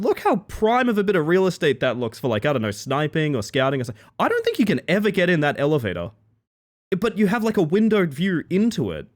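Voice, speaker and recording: A man chatting casually with his live-stream chat, rambling playfully and greeting viewers by name. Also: fairly high pitch.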